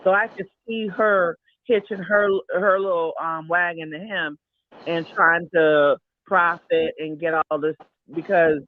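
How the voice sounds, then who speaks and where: A man's voice: on the high side, steady tone, unhurried, no room sound. A man calling in to a talk show, giving rambling, opinionated takes and repeating himself. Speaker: caller. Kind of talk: casual opinionated chat. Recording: tinny phone line with faint hiss.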